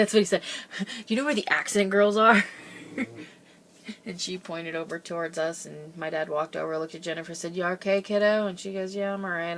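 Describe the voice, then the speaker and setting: A young woman vlogging, telling a family story in a lively casual way, laughing often and acting out the quoted voices. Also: sits low.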